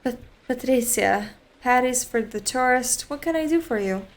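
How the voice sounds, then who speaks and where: A woman's voice: a little high, expressive, normal speed. A woman reading as a breezy, blunt stallholder. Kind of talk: reading a visual novel aloud.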